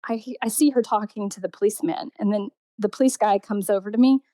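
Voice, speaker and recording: A woman's voice: mid-range voice, fast talker, mellow, dry recording. A woman from Indiana telling stories about her life and art in a loose, rambling way, full of restarts and laughs. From Indiana, USA. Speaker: artist interviewee. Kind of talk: casual storytelling.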